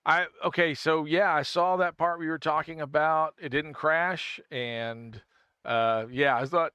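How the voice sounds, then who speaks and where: A man with a fairly high, bright, forceful voice streams a game at normal speed, his intonation fairly even and his tone clear and resonant in a dry recording. He chats casually and rambles with viewers, answering their messages, thinking out loud, and often beginning sentences again.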